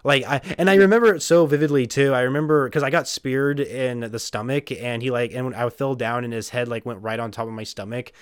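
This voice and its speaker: A man's voice: mid-range voice, steady tone, a little fast, hardly any pauses, smooth, no echo, clean studio sound. A man co-hosting a podcast in casual chat, rambling and self-deprecating, laughing often. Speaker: podcast co-host.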